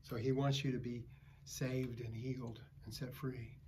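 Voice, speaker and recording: Folksy older pastor preaching a Bible study. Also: male voice, mid-range voice, little pitch movement, a little slow, warm tone, slight background noise. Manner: folksy storytelling preacher, calls for amens. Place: church.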